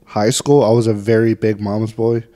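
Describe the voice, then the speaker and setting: A young man hosting a casual chat with his older sister, relaxed and easygoing, asking short questions. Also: fairly low pitch, normal speed. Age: young adult. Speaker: host, younger brother.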